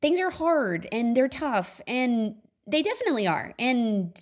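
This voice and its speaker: Chatty, upbeat woman thinking out loud. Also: on the high side, very animated, a little slow. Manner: chatty, upbeat, laughs often, many fillers; reflective, earnest. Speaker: podcast host. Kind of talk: casual solo monologue.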